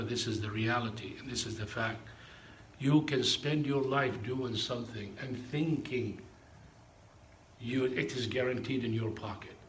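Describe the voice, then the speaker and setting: A man's voice: medium pitch, a bit bright, slight background noise. A man, an imam, preaching a sermon in an emphatic storytelling way, dropping in Arabic phrases.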